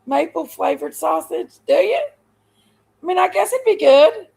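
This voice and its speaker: A woman's voice: very high-pitched, lively intonation, unhurried, creaky, darkish tone, low-quality recording. A woman hosting a livestream, rambling along in folksy, casual chat with her viewers. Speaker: livestream host.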